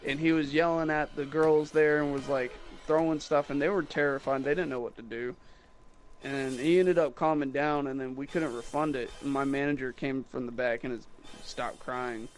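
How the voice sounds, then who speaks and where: A young guitar salesman with a mid-range voice rambles at a moderate pace through a mocking, animated story about rude customers in casual chat. Faint music plays behind him.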